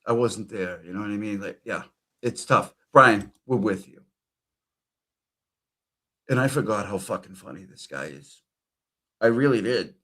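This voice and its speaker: Male reaction commentator: low, bright-edged voice, sarcastic, profane, mock-pleading comic delivery.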